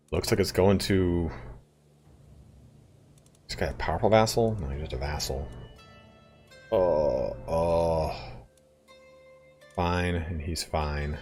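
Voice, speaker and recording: A man streaming a strategy game, chatty and relaxed, often saying "dude". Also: low-pitched. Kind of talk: casual gaming commentary.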